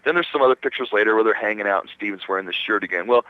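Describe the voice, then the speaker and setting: A man's voice: lowish voice, rapid-fire, no echo. A man from Minnesota, a rock guitarist, telling a long backstage story in a casual radio interview, acting out the voices of the people in it and swearing casually. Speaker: guitarist guest. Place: radio studio. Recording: dull dry radio recording.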